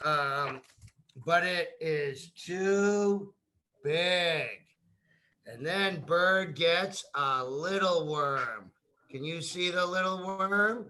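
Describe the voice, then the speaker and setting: Teacher reading a storybook to small kids, bright forceful tone, stretches every word out super slow. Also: medium pitch. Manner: slow, drawn-out words, repeats key words and prompts children to say them. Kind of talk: reading a picture book aloud to young children.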